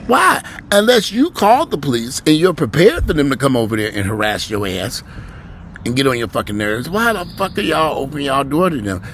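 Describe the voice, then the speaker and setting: A man ranting bluntly and profanely to his viewers from home, with sudden loud rises in a voice. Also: medium pitch, sing-song, fairly quick, slight background noise. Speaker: vlogger.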